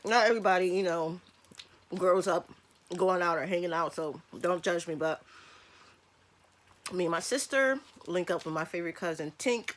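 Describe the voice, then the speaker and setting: A woman's voice: lowish voice, fairly bright tone. A woman in her thirties from Michigan, chatting casually through a lunch mukbang vlog in her bedroom. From Michigan, USA. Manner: chatty, laid-back, fillers like um and like. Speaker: vlogger.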